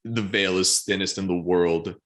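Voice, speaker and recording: A man co-hosting a podcast, musing about a book in a hesitant, casual way with many pauses and fillers. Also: deep voice, steady tone, fairly bright tone. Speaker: podcast co-host.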